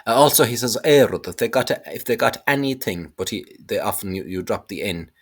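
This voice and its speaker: Husky low-voiced man teaching. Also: animated, fairly quick, fairly bright tone. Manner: hesitant, many fillers, pronounces Irish words with emphasis. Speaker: Irish language teacher. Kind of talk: explanatory lesson.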